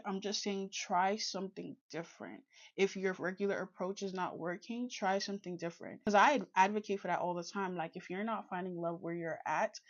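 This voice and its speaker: A woman vlogger giving casual commentary and advice in a calm, measured way. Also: medium pitch. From Canada. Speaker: reaction vlogger. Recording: dull lo-fi audio.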